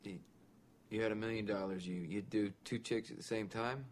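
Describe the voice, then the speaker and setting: Film clip: a man as a mild office guy, lowish voice, dry and questioning. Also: steady tone, normal speed, a little hiss or hum, close to an everyday voice.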